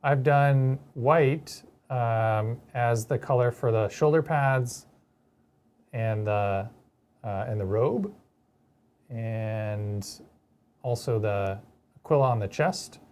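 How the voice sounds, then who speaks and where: A man co-hosting a hobby show, talking casually and haltingly about his painting progress. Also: mid-range voice, a little mellow. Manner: hesitant, lots of ums while describing work. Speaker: co-host painting miniatures.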